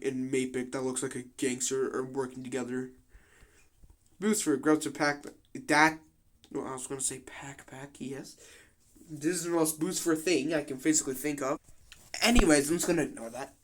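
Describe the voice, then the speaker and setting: A man's voice: medium pitch, fairly even intonation, moderate pace. A young man giving casual commentary on a game simulation, slangy and full of swearing and joking asides.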